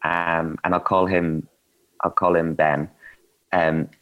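Man, deep voice, candid anecdotal guest with a self-deprecating streak. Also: flat delivery, slow pace, lo-fi sound. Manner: candid, self-mocking, chatty with fillers. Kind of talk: casual anecdotal storytelling.

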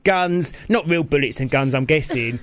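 Guy, high smooth voice, asking questions and joking, dry close mic. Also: normal speed, a bit bright, no echo. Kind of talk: casual interview chat.

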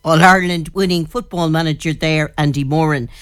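A woman's voice: low voice, steady tone, fairly quick, a crowd in the background. A woman news reporter narrating a report and asking admiring interview questions.

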